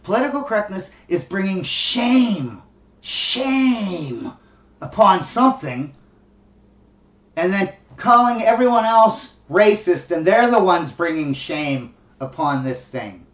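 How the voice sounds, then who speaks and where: A man's voice: high-pitched, lively intonation, slow pace. A middle-aged man talking bluntly and profanely in a casual ranting monologue, laughing between his points. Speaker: commentary host. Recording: echoey, distant, dull lo-fi room recording.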